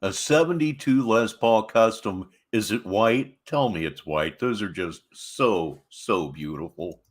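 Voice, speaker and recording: A man's voice: fairly low pitch, lively intonation, measured pace. A man hosting a reaction stream, making dry, sarcastic asides and chatting about his guitars. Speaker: host reacting to clips. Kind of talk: casual commentary over a clip.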